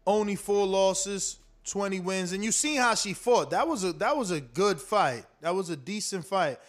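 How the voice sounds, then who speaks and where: High-voiced profane livestream host. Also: male voice, expressive, moderate pace. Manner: loose, profane, rambling and emphatic. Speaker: boxing podcast host. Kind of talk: casual livestream chat.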